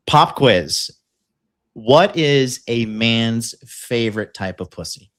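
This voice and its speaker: A man's voice: mid-range voice, expressive, very slow. A man hosting a podcast, talking in crude, blunt, rambling banter and provoking his co-host.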